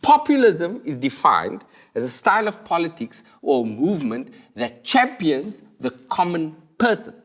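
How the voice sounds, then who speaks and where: A man with a South African accent, hosting a jokey comic monologue and switching quickly between voices. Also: fairly high pitch, sing-song. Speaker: comedian host.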